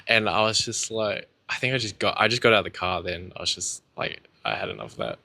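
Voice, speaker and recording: A man's voice: fairly low pitch, big pitch swings, quick pace, creaky, sharp tone, no echo. A young man telling his own story in a casual, rambling way, candid, with lots of fillers and swearing.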